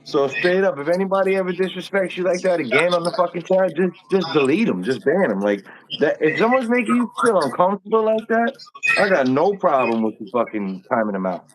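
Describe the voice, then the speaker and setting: A man's voice: fairly high pitch, expressive, brisk, a crowd in the background. A young man hosting a casual live stream, talking in a laid-back, slangy way and swearing freely. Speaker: livestream host.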